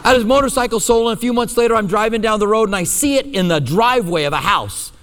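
A male pastor preaching a sermon, telling a personal story with lively, self-deprecating humor. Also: high voice, quick pace, big-room sound.

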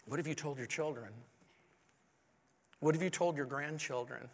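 A man's voice: a little high, normal speed, a little hiss or hum. A man preaching a sermon as a pastor, earnest and pleading, with many rhetorical questions. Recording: long hall reverb.

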